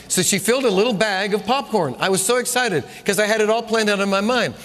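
A man preaching a sermon as pastor, telling a story with lively delivery and repeating phrases for emphasis. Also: high-pitched, brisk, hardly any pauses. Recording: long reverb of a large room.

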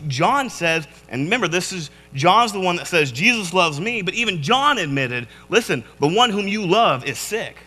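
An animated man gives a youth sermon, his voice high and bright. He jokes with the room and acts out the scenes he reads. The sound carries a long echo from the church hall. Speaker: youth pastor. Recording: echoey hall.

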